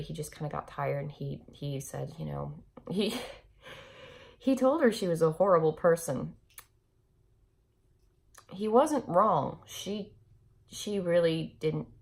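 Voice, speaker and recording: A young woman speaks to her camera with a low, gravelly voice, candid and openly emotional. She breaks into short nervous laughs and restarts her sentences often, like someone telling a hard story in her own words. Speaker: vlogger.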